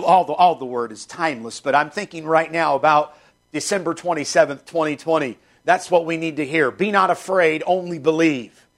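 A man's voice: on the high side, a bit bright. A man preaching a sermon, reading scripture aloud and fervently repeating short refrains. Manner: reads scripture in old-fashioned wording. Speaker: pastor.

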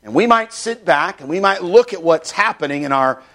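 A man's voice: fairly high pitch, expressive, normal speed, fairly bright tone. Man preaching with earnest asides. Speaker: pastor. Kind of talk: sermon.

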